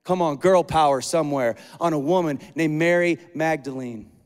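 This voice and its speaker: A man preaches with a high, ringing voice, moving between easy chat and rising, repetitive emphasis. His words roll out into a large church auditorium, trailing a long hall reverb behind each phrase. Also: normal speed, clear, resonant tone. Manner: energetic, conversational preaching with repeated phrases. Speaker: pastor. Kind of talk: sermon.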